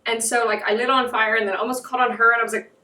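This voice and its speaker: Young American woman guest, bright-toned, chatty storyteller, recorded off mic in a roomy space. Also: on the high side, little pitch movement, quick pace, far from the mic. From United States. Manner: chatty, lots of "like" fillers. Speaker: podcast guest. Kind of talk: casual chat, storytelling. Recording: echoey room, off mic.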